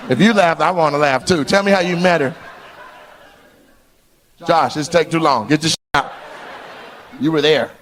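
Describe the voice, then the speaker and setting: Brash high-voiced male comedian teasing. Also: moderate pace, pauses often, fairly bright tone. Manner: teasing, brash, often laughing mid-line. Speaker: stand-up comedian. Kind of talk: crowd work stand-up. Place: comedy club stage before a live audience. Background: audience laughter and clapping.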